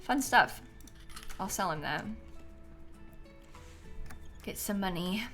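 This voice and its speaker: A woman game streamer chatting casually with her viewers as she plays, thinking aloud and often breaking into excited squeals and laughs. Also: mid-range voice, slow pace, faint music behind. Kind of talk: casual live-stream chat while playing.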